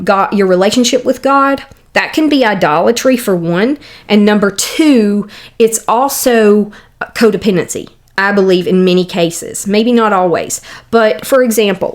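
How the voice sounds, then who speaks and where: Woman, podcast host, earnest conversational teaching, mid-range voice, casual monologue. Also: medium pitch. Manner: earnest, conversational, with fillers and restarts.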